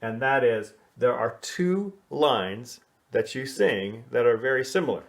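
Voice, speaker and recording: A man teaching a children's choir, explaining solos in a relaxed, chatty way and singing short snippets to show how they go. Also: mid-range voice, unhurried. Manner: casual, explanatory, sings short snatches to demonstrate. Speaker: music teacher. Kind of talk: coaching a kids' choir on song solos.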